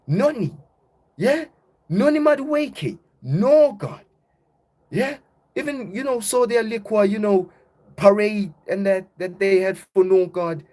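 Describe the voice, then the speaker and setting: A young man hosting casual football banter, ranting loudly and animatedly, packing his talk with slang and repeated "bro". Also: high-pitched, expressive, slow. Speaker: football channel host.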